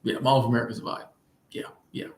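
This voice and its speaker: A man hosting a casual livestream, reading chat and answering viewers in a relaxed, playful way, often repeating his phrases. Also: racing. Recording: echoey room.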